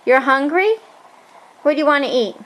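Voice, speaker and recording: A woman's voice: sits high, moderate pace, fairly bright tone, low-quality recording. A woman talking playfully with a toddler in a home video, encouraging and sing-song. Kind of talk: home video, coaxing a small child.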